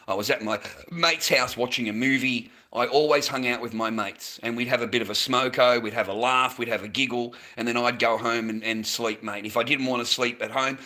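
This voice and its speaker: Aussie bloke, profane ranting vlogger, bright edgy voice. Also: male voice, mid-range voice. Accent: Australian. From Australia. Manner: profane, swears constantly, ranting. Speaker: vlogger selling handmade masks. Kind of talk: casual rant to camera.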